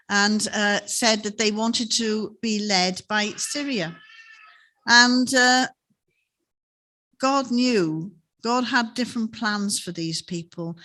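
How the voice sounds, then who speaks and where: A woman's voice: on the high side, pushed and bright. Woman preaching in a chapel. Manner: conversational storytelling with tag questions. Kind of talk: sermon.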